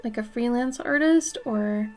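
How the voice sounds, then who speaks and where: A woman's voice: on the high side, a little slow, darkish tone. A young woman chatting casually with viewers while she paints on a live stream, a bit sniffly from allergies. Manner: chatty, reads out and answers viewer messages, swears when she sneezes. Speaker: art streamer.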